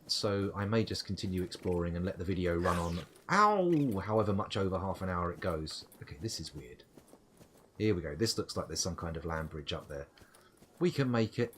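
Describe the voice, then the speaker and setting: Guy streaming a game, lowish voice that jumps all over, chatty and playful, faint music behind. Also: slight background noise. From United Kingdom. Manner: chatty, playful, talks to game creatures and himself. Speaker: gaming streamer. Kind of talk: live gameplay commentary.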